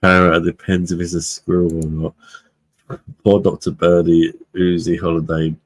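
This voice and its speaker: Hosting a beer review live stream, a man reads viewer comments aloud in loose, casual chat. His very low voice is rough and husky, delivered flatly at normal speed, and he talks bluntly, swears freely, and laughs a lot.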